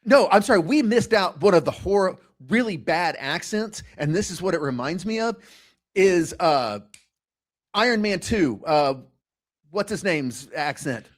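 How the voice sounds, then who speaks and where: Guy cohosting a pod, kinda higher voice, keeps stumbling into restarts. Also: animated. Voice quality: halting, restarts sentences. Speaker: podcast co-host. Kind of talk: casual chat.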